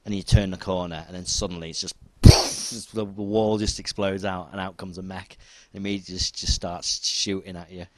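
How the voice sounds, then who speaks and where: A man's voice: deep voice, a little fast, hardly any pauses, no echo. A man chatting casually about video games as a co-host, rambling with restarts. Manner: rambling, excitable, many restarts. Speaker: podcast co-host. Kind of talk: casual chat.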